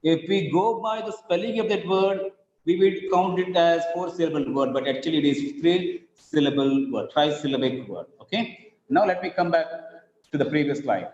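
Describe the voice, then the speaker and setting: A man teaching over slides, explaining slowly and repeating his examples. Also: fairly high pitch, a little mellow. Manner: slow, repetitive explaining with spelled-out examples. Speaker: English teacher. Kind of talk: recorded lecture over slides. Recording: echoey, dull lo-fi room recording.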